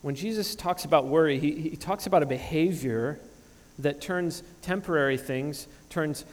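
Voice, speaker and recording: A man's voice: fairly high pitch, moderate pace, big-room sound. A man in his thirties preaching a sermon as pastor, earnest and emphatic, often restarting phrases. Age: 30s. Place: church sanctuary.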